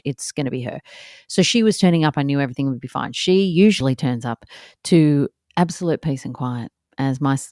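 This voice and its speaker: An Australian woman in her thirties tells a story from her own life in a low, mellow voice. She recounts it with animated exasperation and acts out each person's lines. The recording is close and dry, with no room sound. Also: no room sound. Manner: animated, exasperated retelling with acted-out quotes. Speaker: podcast host. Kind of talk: casual storytelling monologue.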